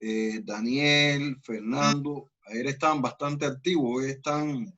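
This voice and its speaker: A man with a Spanish accent teaching English, explaining grammar and slowly modeling example sentences. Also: medium pitch, fairly even intonation, sharp tone, dull audio. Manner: switches between languages, slow deliberate model sentences. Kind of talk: online class, explaining grammar.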